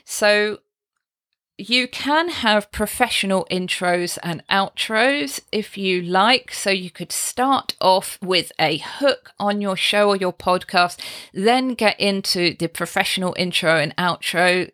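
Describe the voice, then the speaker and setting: A woman's voice: mid-range voice, slow, fairly bright tone. A British woman from the UK hosting her podcast, giving chatty, encouraging branding tips. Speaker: podcast host and branding coach. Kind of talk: relaxed solo podcast teaching.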